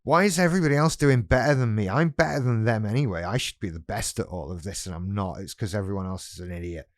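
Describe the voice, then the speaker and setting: A man's voice: lowish voice, fast talker, dry recording, clean studio sound, natural voice. A man voicing his whiny, self-pitying inner voice that complains everything is unfair.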